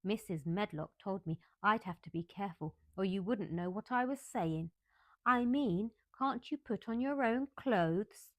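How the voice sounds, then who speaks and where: A woman's voice: medium pitch, a little slow, no echo, close to an everyday voice. A woman voicing a sturdy, cheerful, talkative young Yorkshire housemaid with a broad, blunt way of speaking, in a storybook reading. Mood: amazed.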